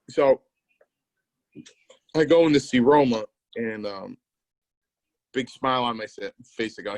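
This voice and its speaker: A man's voice: medium pitch, measured pace, long pauses, darkish tone, no echo, low-quality recording. A middle-aged man co-hosting a podcast, telling rambling stories and acting out the lines of the people in them. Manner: rambling anecdotes with acted-out quotes. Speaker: podcast co-host, former wrestler. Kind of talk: casual storytelling chat.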